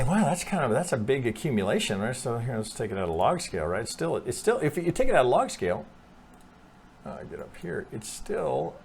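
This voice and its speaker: Over a screen share, a trading analyst goes through charts informally, thinking out loud with false starts, many a "right?" and frank swearing. His mid-range voice is creaky with a darkish tone, and a slight hiss or hum is audible.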